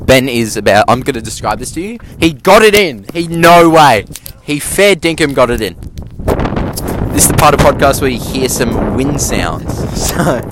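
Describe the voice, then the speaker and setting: A man's voice: medium pitch, expressive, normal speed. A man hosting a joking podcast outdoors in a park, announcing each segment in a mock-formal way. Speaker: podcast host. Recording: wind and background noise outdoors.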